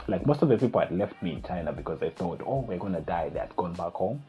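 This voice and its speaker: A young man vlogging, retelling a night of panic in a casual, animated storytelling way. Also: deep voice, fast, slightly rough. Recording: slightly dull lo-fi recording with faint music.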